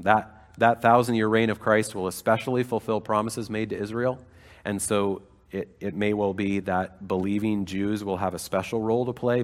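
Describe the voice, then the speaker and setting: A man delivers a sermon in a lowish voice, moving from easy conversational explanation to fervent, emphatic passages. His voice carries a long reverb, as if spoken in a large hall. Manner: conversational preaching with fillers, rising to fervent emphasis. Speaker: pastor.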